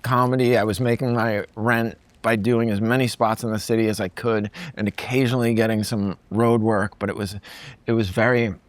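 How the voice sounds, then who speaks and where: A man in his forties from Massachusetts, speaking as a guest comedian in loose, halting conversation that keeps circling back on itself. His voice sits fairly low, and the recording is dry and close. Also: level tone, no echo. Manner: halting, restarts phrases, chuckles. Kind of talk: casual conversation.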